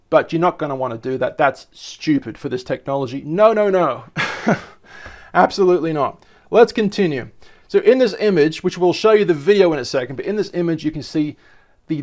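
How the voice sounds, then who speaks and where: Man, eager rambling commentary, stumbles over words, slightly high voice. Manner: enthusiastic, rambling, self-correcting. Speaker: video host. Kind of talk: casual commentary.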